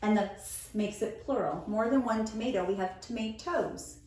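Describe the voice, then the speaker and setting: A young woman teaching preschoolers on video, gently sounding out words slowly and patiently as she plants seeds with a child. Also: a little high, slight background noise. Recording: very echoey room, mic far off.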